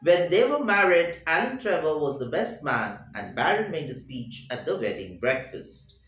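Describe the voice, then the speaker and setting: A male teacher reads and explains a story, his pitch moving up and down a lot. His voice rings in a roomy, echoey space. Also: big pitch swings, moderate pace, a bit bright. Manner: paraphrases each passage in simple words. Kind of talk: reading and explaining a story for a class. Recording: roomy echo.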